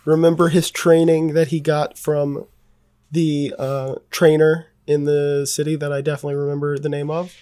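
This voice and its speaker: Male tabletop player, higher voice, laid-back and joking. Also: flat delivery, moderate pace, dark tone, no echo, clean studio sound. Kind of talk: casual tabletop play.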